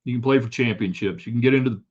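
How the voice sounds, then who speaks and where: A man's voice: mid-range voice, very fast, a little mellow. A man hosting a live sports talk show, chatting casually and joking as he reads viewer comments. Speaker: sports talk show host reading chat. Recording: slightly dull lo-fi sound.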